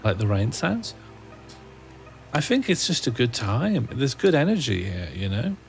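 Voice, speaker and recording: A man's voice: medium pitch, big pitch swings, a little slow, creaky, soft background music. A man, streaming a game and rambling wryly to himself and his chat. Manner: musing, rambling self-talk, wry. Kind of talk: casual gaming livestream chat.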